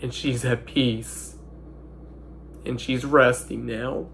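A young man in his twenties, speaking in halting, broken sentences while holding back tears, his nose stuffy. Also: mid-range voice, level tone, creaky, fairly bright tone, slight background noise. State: stuffy-nosed. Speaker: vlogger. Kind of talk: emotional personal monologue.

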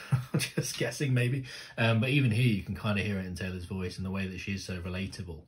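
Male reaction vlogger, lowish voice, excitable and sweary, addresses the screen directly. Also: fairly quick, a little hiss or hum. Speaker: music video reactor. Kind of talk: casual reaction commentary.

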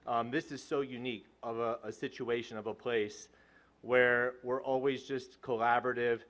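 Homme qui plaisante, discours décontracté. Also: male voice, mid-range voice, little pitch movement, normal speed, a bit bright. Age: 40s. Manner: joking, self-deprecating, rambling. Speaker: head track and field coach. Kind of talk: hall of fame acceptance speech.

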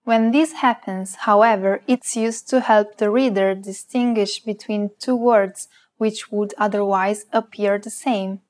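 A woman co-hosting a scripted language lesson. She says example words slowly and carefully so that learners can repeat them. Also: medium pitch, fairly even intonation, a little mellow.

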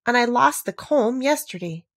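Storybook queen, flustered and plaintive, read by a woman, husky, dry close sound. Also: on the high side, lively intonation, normal speed, no echo, voice pushed up. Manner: melancholy, plaintive and groaning.

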